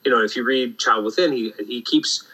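A man hosting a casual podcast chat about comic books, animated and full of restarts. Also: medium pitch, brisk, low-quality recording. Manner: animated, acts out quoted lines, many restarts. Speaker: podcast host. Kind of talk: casual comic book discussion.

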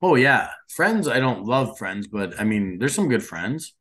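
A man's voice: mid-range voice, a little slow. Blunt, profane man co-hosting a podcast. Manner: blunt, profane, emphatic opinions; animated retelling of scenes. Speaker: podcast co-host. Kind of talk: casual chat.

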